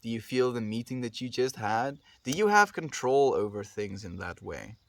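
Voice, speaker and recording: A South African man chatting casually on a live stream, gently thanking viewers and answering their messages. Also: medium pitch, lively intonation, moderate pace, no echo. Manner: gentle, affectionate, reads out and answers chat messages. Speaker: livestreamer.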